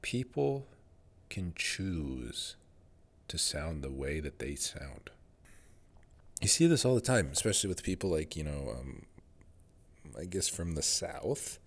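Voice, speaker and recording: Low voiced american guy rambling on his own podcast, lots of ums and restarts. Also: sing-song, takes it slowly, pauses often. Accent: General American. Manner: rambling, musing, many fillers and restarts. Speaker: podcast host. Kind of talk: casual solo monologue.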